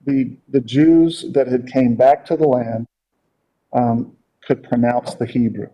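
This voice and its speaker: A man with a medium-pitched voice leads a casual Bible class, speaking haltingly with lots of fillers and repeated words. The lo-fi recording sounds dull.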